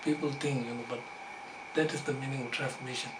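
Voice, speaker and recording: A man whose first language is Tibetan gives a dharma teaching in English in a halting way, full of fillers and chuckling asides. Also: mid-range voice, steady tone. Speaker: Buddhist teacher. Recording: echoey room, distant mic, background noise.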